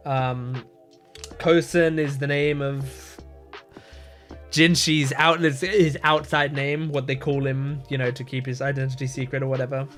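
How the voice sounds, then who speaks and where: A man's voice: medium pitch, a bit bright. A man hosting a casual reaction video, rambling and thinking aloud with lots of fillers and restarts. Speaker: reaction channel host.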